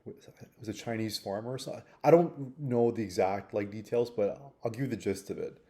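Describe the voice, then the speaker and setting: A man speaks in a low, mellow voice, reflecting on a mistake in a personal vlog. He thinks aloud in a rambling way, circling back and restarting his sentences as he searches for the point. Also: fairly quick. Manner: thoughtful, rambling with restarts and fillers. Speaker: vlogger.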